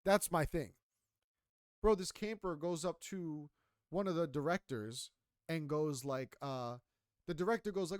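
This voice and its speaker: A young man co-hosting a podcast, telling a story in a casual, animated and heavily profane way. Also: a little high, unhurried, long pauses, clean tone, no echo, studio quality. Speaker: podcast co-host.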